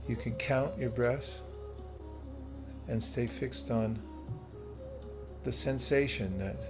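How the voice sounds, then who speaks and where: A man teaching bhakti yoga, guiding a slow, soothing meditation. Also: mid-range voice. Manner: slow, soothing guidance with playful asides. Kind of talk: guided meditation with live chat. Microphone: streaming setup, own audio controls. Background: soft soothing music.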